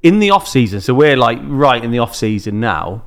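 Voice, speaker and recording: A man on a casual podcast, speaking at a middle pitch. He lays out context before posing curious, open questions to the host. His delivery is conversational and easygoing. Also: sing-song, brisk.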